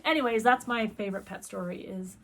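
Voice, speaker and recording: Speaking at a medium pitch and a fairly quick pace, a middle-aged woman co-hosting a cross-stitch channel tells a story in casual conversation, performing the lines people said. Background noise can be heard in the recording.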